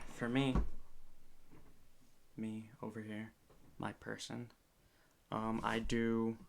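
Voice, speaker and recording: Gravelly low-voiced man rambling casually. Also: slight background noise. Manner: rambling, self-correcting, jokey. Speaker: podcaster streaming live. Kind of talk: casual solo livestream chat. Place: room at home.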